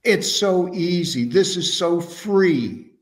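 A man with a fairly high voice speaks slowly and enthusiastically. He tells stories casually as an interview guest. He often restarts his sentences. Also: expressive. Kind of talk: casual conversational storytelling.

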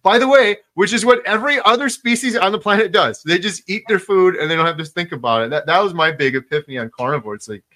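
A man's voice: sits high, animated, quick pace, hardly any pauses, bright, forceful tone. A man hosting a casual interview chat, talking with emphatic enthusiasm and repeating words for stress.

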